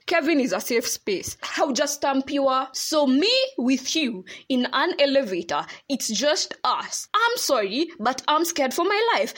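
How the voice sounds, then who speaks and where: A young Kenyan woman hosting a solo podcast, ranting with anger and passion and slipping into Swahili. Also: high voice. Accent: Kenyan English. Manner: angry, impassioned, mixes in Swahili. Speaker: podcast host.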